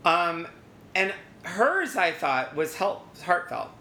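A podcast co-host recapping a reality show with snarky, deadpan jokes and the odd swear word. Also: mid-range voice, slow pace, a little hiss or hum. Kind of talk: casual recap chat. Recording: roomy echo.

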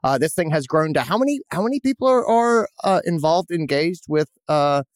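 A man's voice: on the high side, animated, brisk, no echo, clean studio sound. A man hosting a podcast, chatting casually and joking with an old friend, with lots of restarts. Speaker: podcast host.

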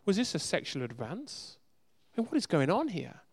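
Male preacher, fairly high-pitched, emphatic, heavy on rhetorical questions. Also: wildly swooping pitch, normal speed, breathy edge. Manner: emphatic, asks many rhetorical questions, repeats words for stress. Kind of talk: sermon. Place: church in a city.

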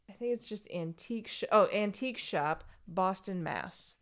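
A woman chatting casually about a picture book, animated and reading lines aloud. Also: mid-range voice, a little slow, hardly any pauses. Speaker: co-host discussing a picture book. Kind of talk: casual chat.

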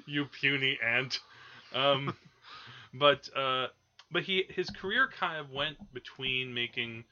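A man's voice: mid-range voice, slow pace, pushed and bright, dull audio. A man hosting a podcast, chatting casually about old films with lots of fillers and restarts. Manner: rambling, many fillers and restarts. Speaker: podcast host. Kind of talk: casual film discussion.

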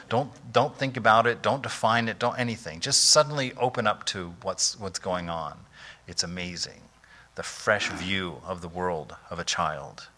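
A man, a monk, giving an informal spiritual talk in a conversational, animated way, often saying "you know" and laughing softly. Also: fairly low pitch.

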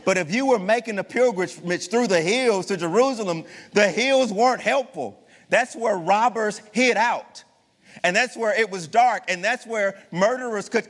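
High-voiced man preaching in a reverberant hall. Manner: impassioned preaching with repetitions and wide swings in pitch. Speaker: pastor. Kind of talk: sermon.

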